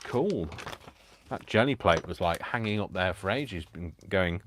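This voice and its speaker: A man's voice: low-pitched, expressive, measured pace, fairly bright tone, slight background noise. A man hosting a live craft stream, chatty and self-mocking, laughing often as he works. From United Kingdom. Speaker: crafting channel host.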